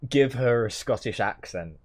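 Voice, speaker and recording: A man's voice: medium pitch, animated, measured pace. Playful man commenting on a game. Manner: playful, joking asides. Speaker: game streamer. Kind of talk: game commentary and reading on-screen text. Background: game music.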